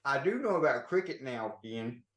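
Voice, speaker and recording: A man's voice: mid-range voice, very animated, normal speed, a bit bright, reverberant. A man on a casual video call, joking and pedantic. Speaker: call participant.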